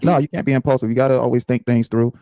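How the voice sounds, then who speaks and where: A man interviewing a guest in a calm, measured, agreeable way. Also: medium pitch, no room sound.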